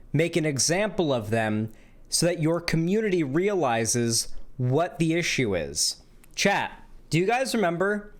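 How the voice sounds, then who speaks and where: Blunt profane male streamer. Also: on the high side. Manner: blunt, profane, talks to chat. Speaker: streamer reacting to a video. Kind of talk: casual livestream commentary.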